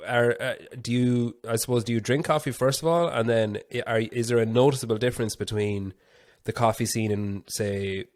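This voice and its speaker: A man's voice: mid-range voice, fairly even intonation, normal speed, a little mellow, no echo, studio quality. A man in his thirties with an Irish accent, hosting a podcast in casual chat and telling stories in a rambling, chatty way full of fillers. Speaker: podcast host.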